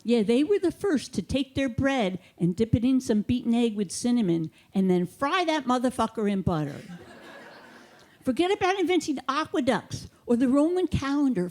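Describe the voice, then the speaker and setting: This woman's voice sits high as she performs stand-up in a theater, holding the mic in hand and playing her material deadpan and mock-authoritative.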